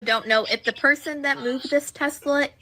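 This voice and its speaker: A woman recapping true-crime news in a brisk, informative way, played as a clip. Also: sits high, steady tone, bright, forceful tone.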